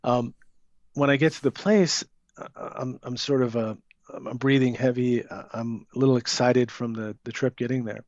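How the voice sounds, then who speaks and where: A man's voice: mid-range voice, fairly even intonation, moderate pace, dry recording. A man, an author giving an interview, talking casually and hesitantly with many fillers and restarts. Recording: dull lo-fi sound.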